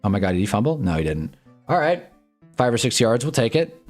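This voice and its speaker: Young male sports streamer, excitable, lively voice jumping high, faint music behind. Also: a little fast. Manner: excitable, swings from muttering to yelling at plays. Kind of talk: live football watch-along commentary. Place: home streaming room with green screen.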